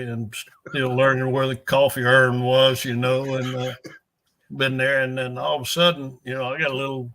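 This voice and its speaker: A man's voice: medium pitch, a bit bright. An older man, a veteran strength coach, telling rambling folksy anecdotes with chuckles in an interview. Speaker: guest, NFL strength and conditioning coach. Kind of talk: storytelling interview.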